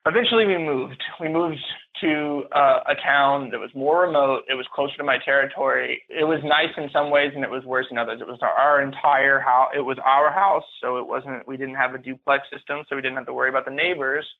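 A man's voice: medium pitch, steady tone. Candid man on a tinny phone line. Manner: candid, halting and emotional. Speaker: podcast guest. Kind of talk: personal account of domestic abuse.

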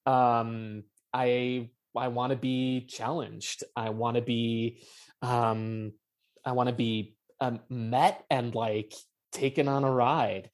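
A man's voice: mid-range voice, level tone, takes it slowly. Passionate, rambling male playwright guest. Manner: passionate, rambling, swears casually, many fillers. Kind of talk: casual interview talk.

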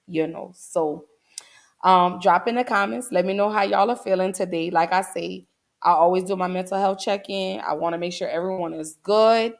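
Woman in her forties, livestream host, earnest and heartfelt, holding back tears, slightly low voice. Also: steady tone, moderate pace, gravelly. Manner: earnest, heartfelt, many "um"s, addresses chat as "y'all". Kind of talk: casual livestream talk to viewers.

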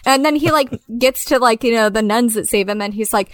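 A woman talking casually about a film, animated and laughing, swearing freely. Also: a little high, fairly quick, dry recording.

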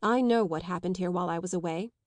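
A woman reading the part of an eager, anxious young gentleman in an audiobook, pleading and defiant in turn. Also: on the low side, fast talker, no room sound, natural voice. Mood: earnest. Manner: pleading, defiant, slightly raised voice.

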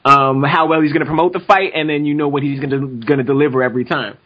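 A man's voice: a little high, steady tone, fast, husky, lo-fi sound. A man guest on a podcast in casual chat, explaining at length and laughing easily.

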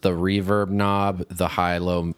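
Low-voiced male co-host, dry booth sound, casual and inquisitive. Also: little pitch movement, takes it slowly, clean tone, no echo. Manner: asks questions and talks things through casually. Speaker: podcast co-host. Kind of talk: casual chat. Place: podcast setup with mixer, indoors. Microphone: podcast mic with headphones.

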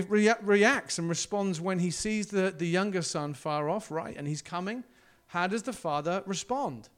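A male pastor preaching a sermon in a church, telling the story in an animated way and acting out the quotes. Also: high voice.

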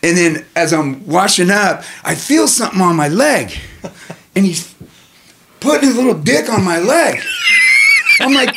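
A man's voice: high voice, a little slow, vocal fry, background noise. A man in his thirties telling profane, laughing stories in casual conversation. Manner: profane, laughing, animated storyteller. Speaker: podcast guest. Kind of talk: storytelling in casual chat.

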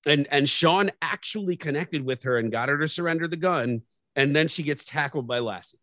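A man's voice: fairly high pitch, fairly quick, sharp tone, dry recording. A man co-hosting a casual podcast chat about a TV episode, opinionated and prone to long critical rants. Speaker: podcast co-host.

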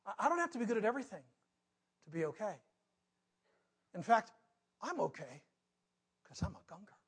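A man preaching a sermon, telling a personal story with big swings between loud outbursts and hushed moments. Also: high voice, very animated, brisk, breathy edge. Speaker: pastor.

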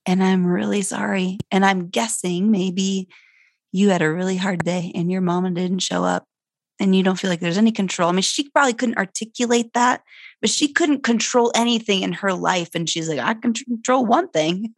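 A woman's voice: medium pitch, steady tone, normal speed, gravelly, no room sound, clean studio sound. A middle-aged woman speaking candidly and animatedly as she tells a personal parenting story, her voice climbing sharply when she gets worked up. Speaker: guest, foster mother.

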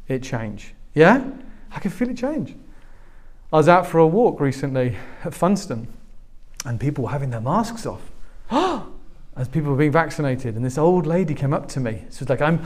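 This man, in his forties, has a voice on the high side and speaks at a moderate pace. He is preaching as a pastor, bringing his stories to life by acting out the people he quotes.

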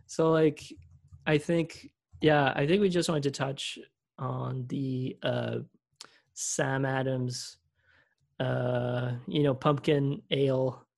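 Rambling gravelly man, laughing podcast co-host. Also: mid-range voice, steady tone, slow. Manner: rambling, laughs often, many fillers and restarts. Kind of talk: casual chat.

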